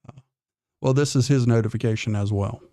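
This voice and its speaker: A gravelly, dark-toned man chats on a morning livestream, reading comments aloud. He is blunt, profane and defiant, drawling through false starts, and his voice sounds close and dry. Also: mid-range voice, a little fast, dry recording. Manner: drawling, with restarts. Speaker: livestream host.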